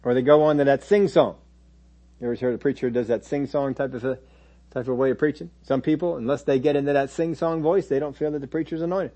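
A man's voice: mid-range voice, steady tone, quick pace, dark tone. A man preaching a sermon in a conversational teaching manner, now and then mimicking churchgoers in quoted asides.

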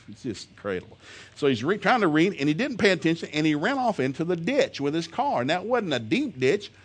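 A man telling a humorous story to an audience, animated and laughing often as he talks. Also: fairly high pitch, a little fast, a little hiss or hum. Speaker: speaker.

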